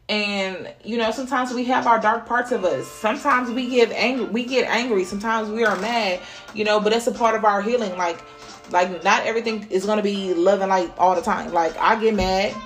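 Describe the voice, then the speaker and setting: A woman's voice: mid-range voice, steady tone, fairly quick, faint music behind. A woman hosting a podcast, giving a casual spiritual pep talk in a blunt, profane way. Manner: blunt and profane, swears freely. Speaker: podcast host.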